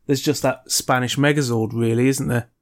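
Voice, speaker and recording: A man's voice: medium pitch, steady tone, normal speed. A man co-hosting a podcast, chatting casually with a dry, grumbling manner. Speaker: podcast co-host.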